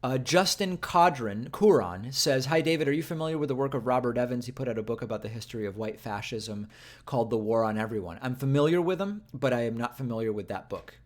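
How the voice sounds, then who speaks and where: A man's voice: mid-range voice, fast talker. A man hosting a political show, chatting casually with viewers on a livestream and thinking aloud with fillers and restarts.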